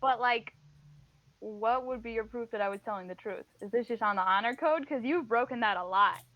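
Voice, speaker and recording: A woman's voice: on the high side, a little fast. A woman playing a tabletop game in character, tossing out playful, teasing comebacks. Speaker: player. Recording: dull lo-fi.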